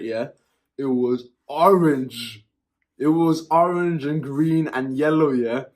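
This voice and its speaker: A young man recounting a story to his viewers in a casual, animated way, his voice neither high nor low. He laughs between lines and keeps checking in with quick tags like "yeah?" and "right?". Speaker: vlogger.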